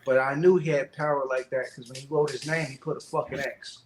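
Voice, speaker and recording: A man, a professional boxer, telling fight stories in a casual interview, animated and profane, acting out quotes. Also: mid-range voice, a little fast, reverberant, a little hiss or hum.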